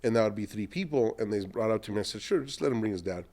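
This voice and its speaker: A middle-aged man, an entrepreneur, telling long animated anecdotes in a podcast interview and acting out what other people said. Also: fairly low pitch, fast talker. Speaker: entrepreneur guest.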